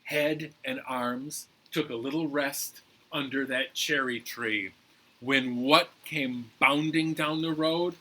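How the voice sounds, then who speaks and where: Slow, playful male children's storyteller. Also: mid-range voice. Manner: playful, expressive, drawn out. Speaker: library storyteller.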